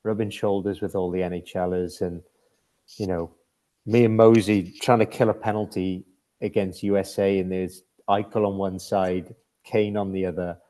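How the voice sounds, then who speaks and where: In a deep, dark voice with flat delivery and a moderate pace, a middle-aged Briton recounts hockey tales as a podcast guest. A former ice hockey captain, he rambles casually, keeps restarting, and laughs at his own stories.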